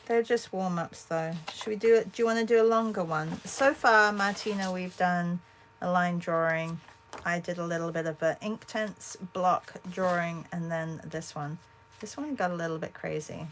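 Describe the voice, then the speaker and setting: A woman's voice: lowish voice, fairly even intonation, normal speed, slight background noise. A woman hosting an art livestream, chatting casually and answering viewers as she paints. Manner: chatty, thinks aloud and answers viewers' comments.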